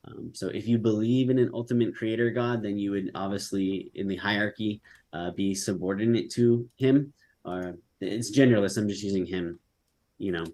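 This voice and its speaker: A man with a very low voice, debating casually on a video call. He rambles and fills his talk with "like" and "um" as he thinks aloud. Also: normal speed, mellow. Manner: rambling, heavy use of "like" and "um".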